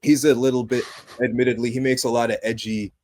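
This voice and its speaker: A young adult man co-hosting a podcast, chatting casually about a movie in an animated, passionate way that swings from loud excitement to low, earnest tones. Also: quick pace. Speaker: podcast co-host. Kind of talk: casual movie review chat.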